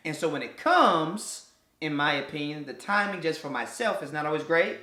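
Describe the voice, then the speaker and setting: A man with a bright, forceful voice chats on a podcast, teasing his partner and then turning thoughtful. The sound is roomy, with a clear echo off the walls. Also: a little high, animated, normal speed. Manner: joking, teasing, reflective. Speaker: podcast co-host. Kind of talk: casual chat.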